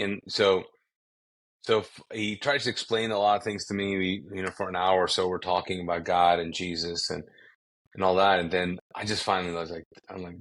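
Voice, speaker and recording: Pastor guest from Kuwait, man with a very deep voice, vivid storyteller who restarts his sentences often. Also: level tone, brisk, fairly bright tone. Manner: vivid storytelling with acted-out quotes and frequent restarts. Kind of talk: conversational testimony storytelling.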